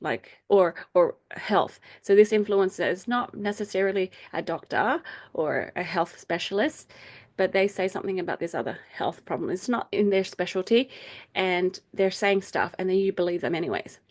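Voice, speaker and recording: A middle-aged woman leading a faith group meeting over a video call, explaining ideas in a casual, chatty way, laughing often and acting out quoted people in a higher voice. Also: moderate pace. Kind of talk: casual teaching talk.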